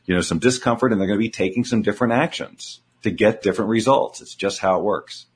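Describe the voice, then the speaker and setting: A man's voice: fairly low pitch, fast talker. A man, a guest coach in an interview, explaining his ideas earnestly and repeating key words for emphasis. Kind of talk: conversational interview.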